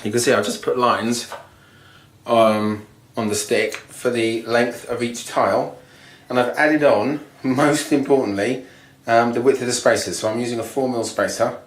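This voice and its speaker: A man's voice: medium pitch, steady tone, moderate pace, echoey room. A man casually explaining bathroom tiling step by step, thinking aloud with ums and restarts. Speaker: DIY video host. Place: bathroom being refurbished, indoors. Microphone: camera mic, moving around the room.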